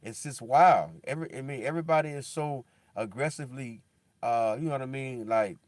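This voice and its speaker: A man talks a little fast in a loose, slangy monologue full of "bro" and "dog." He alternates between loud, animated stretches and a subdued, somber mutter, captured in a dry recording.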